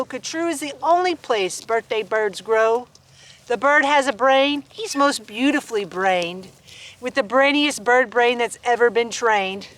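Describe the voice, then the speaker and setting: A woman's voice: high voice, bright, forceful tone. A woman reading a rhyming picture book aloud to her farm animals outdoors, playful and laughing between verses. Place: outdoors on a farm with sheep and dogs.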